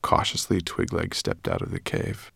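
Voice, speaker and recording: A man narrating an audiobook in an even, measured reading voice. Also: extremely low pitch, creaky, husky, dry recording, studio quality.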